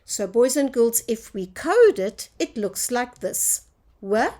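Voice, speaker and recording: Woman as a children's phonics teacher, lively sing-song delivery, unhurried, slightly high voice. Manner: slow, sing-song teacher voice, drawing out sounds. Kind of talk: phonics lesson for young children.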